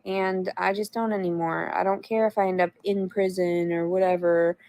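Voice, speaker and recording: A woman's voice: on the low side, level tone, moderate pace, a little mellow. A woman chatting on a livestream, answering viewers in a blunt, profane, rambling way. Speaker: livestreamer reading chat. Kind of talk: casual livestream chat.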